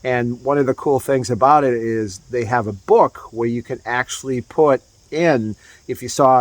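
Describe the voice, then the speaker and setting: A man's voice: medium pitch, no room sound. A man co-hosting a casual hiking vlog outdoors on a trail, easygoing and rambling with many fillers. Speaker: hiking vlogger.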